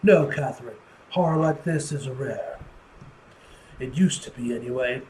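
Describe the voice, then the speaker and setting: A man voicing a stern older British detective professor in a put-on British accent, talking in a measured, lecturing way. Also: medium pitch, darkish tone, slight background noise, natural voice, low-quality recording.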